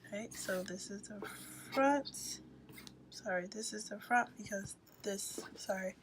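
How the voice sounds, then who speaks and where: Woman, sleepy crochet tutorial host, slow unhurried delivery, phone recording with faint room noise. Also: mid-range voice. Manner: relaxed, rambling, apologetic asides, trails into whispers. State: sleepy, yawning.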